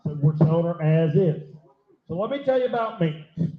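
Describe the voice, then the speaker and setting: An older man auctioning horses, rattling off bids in a rapid rhythmic chant with a folksy drawl. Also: fairly high pitch, animated. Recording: echoey dull live-stream audio.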